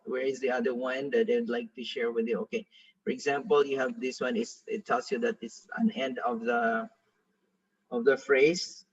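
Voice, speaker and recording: This slightly rough, mid-range male voice belongs to a pastor teaching a Hebrew reading class. He patiently drills pronunciation using repeated examples. The classroom recording sounds distant and dull.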